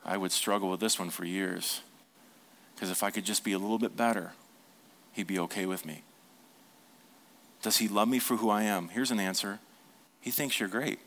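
A man preaching a sermon as a pastor. He asks the congregation questions, repeats them, and drops to a hushed tone for tender points. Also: fairly low pitch, moderate pace, long pauses.

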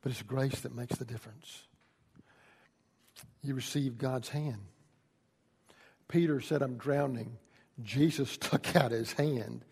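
A man preaching a sermon, shifting from quiet, folksy storytelling to loud, impassioned pleading. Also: mid-range voice, takes it slowly, vocal fry, pauses often, husky, long reverb tail. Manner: builds from quiet teaching to shouted pleading. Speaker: pastor.

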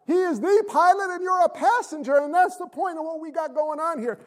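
A man preaching a sermon to his congregation, asking rhetorical questions, swinging between quiet asides and shouted emphasis, and sounding winded. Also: very high voice, a little fast. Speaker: pastor. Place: church sanctuary.

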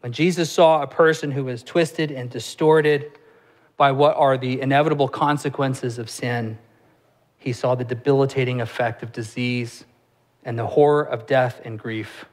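A man preaching a sermon as pastor, explaining scripture in a conversational way with rhetorical questions and joking asides, slowing down and going soft on the solemn lines. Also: mid-range voice, steady tone.

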